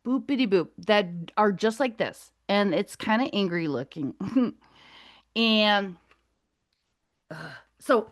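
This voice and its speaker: A middle-aged woman speaking to a group, chatty and digressive, often laughing as she tells a personal story. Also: medium pitch. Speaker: guest speaker. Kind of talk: casual talk to a group.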